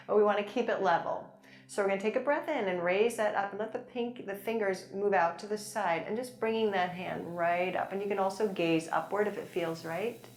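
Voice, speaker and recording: A woman teaching a chair yoga class, gently guiding breaths and movements with encouragement and light laughs. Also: medium pitch, a little fast. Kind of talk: guided yoga class instruction. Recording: echoey room with soft music. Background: soft background music.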